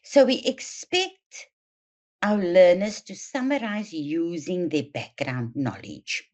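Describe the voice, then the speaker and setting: A woman presenting a teacher training webinar, explaining and demonstrating read-aloud techniques in a deliberate, emphatic way. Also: lowish voice, sing-song. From South Africa. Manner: slow, deliberate, emphatic delivery addressing teachers. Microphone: online webinar mic. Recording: dull lo-fi webinar audio.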